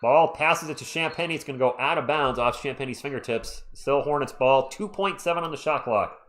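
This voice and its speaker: A man's voice: mid-range voice, brisk, a bit bright. A man hosting a live stream, giving casual fan play-by-play of a basketball game and chatting with viewers between plays.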